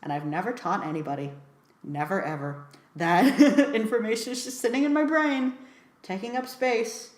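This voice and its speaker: A woman's voice: medium pitch, moderate pace, close to an everyday voice. A woman voicing an oblivious, dismissive villain father in a casual retelling, in a roomy room. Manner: flat, offhand delivery.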